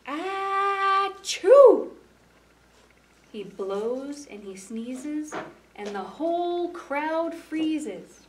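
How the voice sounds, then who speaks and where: A woman children's librarian reading a picture book aloud to preschoolers, slow, gentle and expressive. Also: high voice, distant mic, slight background noise. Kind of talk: preschool storytime read-aloud.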